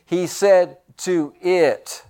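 A man preaching a sermon in a slightly raised voice. He talks slowly and pushes hard on key words. He repeats phrases for effect and drops from loud emphasis into hushed asides. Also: high-pitched, fairly even intonation, clean tone.

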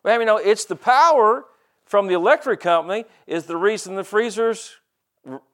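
A man's voice: high-pitched, moderate pace, bright, forceful tone. An older man preaching a sermon in a folksy, conversational way, often repeating and restarting words and acting out quoted voices. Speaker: pastor.

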